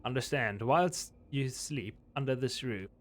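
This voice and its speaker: A man's voice: mid-range voice, close to an everyday voice. A man voicing a formal, courtly landlord who talks in archaic old-fashioned phrases. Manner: archaic formal speech, measured and slow. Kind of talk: live game-stream voice acting.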